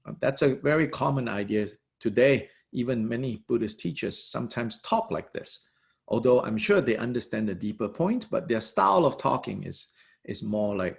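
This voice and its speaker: A Buddhist teacher lectures on a religious text, thoughtful and halting, his gravelly voice ranging widely in pitch. He pads pauses with soft fillers and laughs lightly now and then while explaining, sounding expressive.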